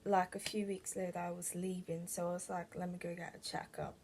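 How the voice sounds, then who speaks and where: A young woman telling a personal story to camera in a casual vlog, halting and full of "like" and restarts. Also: fairly low pitch, level tone, a little mellow, a little hiss or hum. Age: young adult. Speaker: vlogger.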